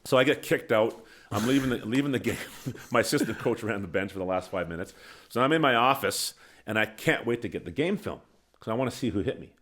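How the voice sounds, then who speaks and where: A middle-aged former hockey coach telling a lively anecdote as a guest on a podcast, laughing at his own story and acting out what people said, into a studio microphone. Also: on the low side, brisk. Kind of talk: animated storytelling.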